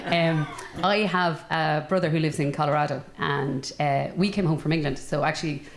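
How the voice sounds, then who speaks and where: A woman, who grew up in Ireland, telling a relaxed story on a discussion panel. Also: low-pitched, moderate pace, echoey room, a crowd in the background.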